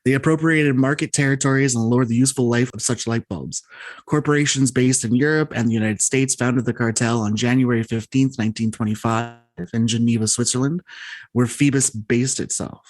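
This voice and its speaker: A man's voice: medium pitch, steady tone, brisk, dry recording. A man co-hosting a podcast, reading out a researched explainer and stumbling over hard words now and then. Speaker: podcast co-host. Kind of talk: casual chat and read-out explainer.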